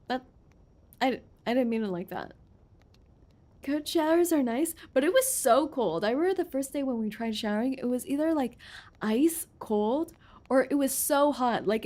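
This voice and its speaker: A woman's voice: on the high side, expressive, a little slow, pauses often, warm tone. A woman streamer chatting playfully and reading game text aloud during a gameplay stream. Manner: playful and giggly, jokes around.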